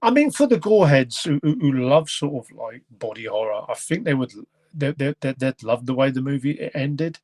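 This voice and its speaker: A man's voice: mid-range voice, animated, moderate pace, darkish tone, no room sound. Male podcast host, mid-range voice, dry sound, rambling hesitant delivery. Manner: rambling, hesitant, stops to search for words. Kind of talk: casual film review chat.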